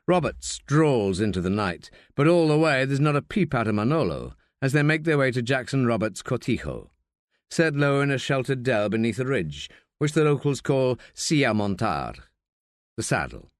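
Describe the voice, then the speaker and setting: A man reading an audiobook as narrator, measured and expressive. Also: mid-range voice, no room sound, clean studio sound. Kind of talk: scripted narration.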